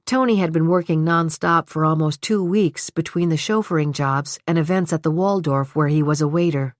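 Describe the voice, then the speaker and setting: Low-voiced woman narrating a suspense novel. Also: no echo, clean studio sound. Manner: even, measured storytelling with voiced dialogue. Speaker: audiobook narrator. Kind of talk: scripted narration.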